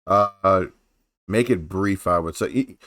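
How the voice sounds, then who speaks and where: A man's voice: deep voice, measured pace, a bit bright. A man co-hosting a podcast, chiming in casually with short questions and remarks. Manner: brief curious interjections, asks questions. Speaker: podcast co-host. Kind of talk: casual chat.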